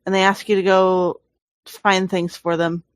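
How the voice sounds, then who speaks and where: A woman's voice: on the low side, little pitch movement, unhurried, clean tone, dry recording. A woman co-hosting a gaming podcast, chatting casually and explaining things with fillers and restarts. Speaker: podcast co-host.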